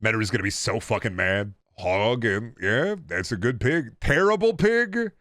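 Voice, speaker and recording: A man's voice: on the low side, moderate pace, a bit bright, no echo, studio quality. Joking male gaming streamer. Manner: joking, swears, riffs on impressions. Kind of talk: casual live-stream chat.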